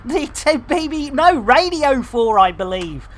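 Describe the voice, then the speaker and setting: This man's voice is very high-pitched and sing-song, and he keeps a measured pace. He's chatting through a live gameplay stream, slipping in innuendo and delivering pretend public announcements.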